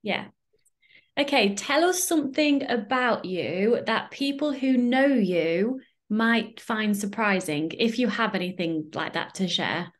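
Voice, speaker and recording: A woman's voice: mid-range voice, animated, takes it slowly. A woman hosting a podcast and coaching, chatting casually with her guest and laughing often. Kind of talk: casual interview chat.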